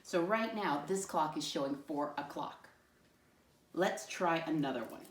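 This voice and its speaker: In a classroom lesson for little kids, a low-pitched teacher keeps a measured pace and poses gentle, sing-song questions. It's recorded from a distance in a room with echo.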